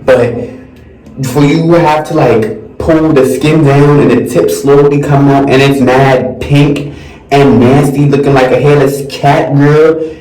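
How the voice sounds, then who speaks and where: A young man telling a crude, animated storytime in a vlog, with shrill mocking quotes. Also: measured pace. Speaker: vlogger. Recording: echoey room, far from mic, faint music.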